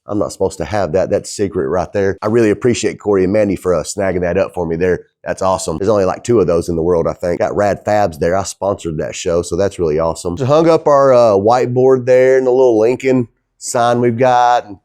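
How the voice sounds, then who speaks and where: A middle-aged man who owns a fabrication shop talks as he works, easygoing and rambling in a folksy way. His voice is low, a little mellow, and brisk, recorded dry with clean studio sound.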